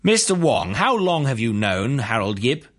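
A forceful courtroom prosecutor with a raised, insistent pitch, pressing every question home, as a man with a husky voice puts him on. His voice has a breathy grain under the pushy delivery. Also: very animated, normal speed.

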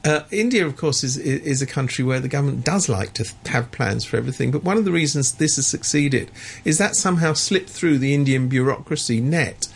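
Sardonic male pundit, gravelly and husky, emphatic with frequent restarts. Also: medium pitch, fairly quick. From Hong Kong resident. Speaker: political commentator. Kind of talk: opinionated discussion.

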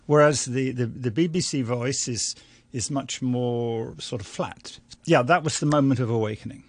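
An older man, a journalist and writer from London, telling a family story in an interview at a measured, reflective pace. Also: medium pitch, dry recording. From London, England. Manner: measured, anecdotal, with small restarts and light laughs.

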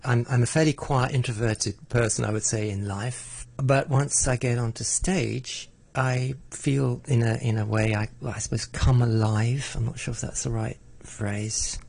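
A man's voice: medium pitch, steady tone, a little slow, creaky, few pauses, darkish tone. A middle-aged man in a conversational interview, talking reflectively with frequent restarts and stammered repeats. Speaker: interviewee, arts broadcaster.

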